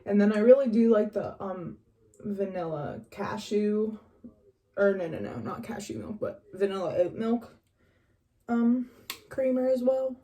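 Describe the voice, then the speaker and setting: Young West Virginia woman, loose get-ready vlog chatter, mellow voice, drifts between topics. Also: mid-range voice, a little slow. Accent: northern West Virginia. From West Virginia, USA. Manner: rambling, chatty, drifts off quietly. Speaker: vlogger. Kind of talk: casual get-ready-with-me chat.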